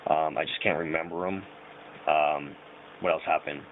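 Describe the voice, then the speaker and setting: A man's voice: rumbling low, fairly even intonation, normal speed. A young man casually telling a rambling personal story, full of slang and fillers. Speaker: vlogger. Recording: tinny phone-like audio with faint hiss.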